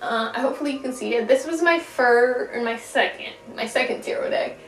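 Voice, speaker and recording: A young woman giving a casual pick-a-card tarot reading, chatty and giggly, with casual swearing and drawn-out emphasis. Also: on the high side, fairly bright tone. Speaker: tarot reader. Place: room at home. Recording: echoey room, voice a bit far from mic, faint music.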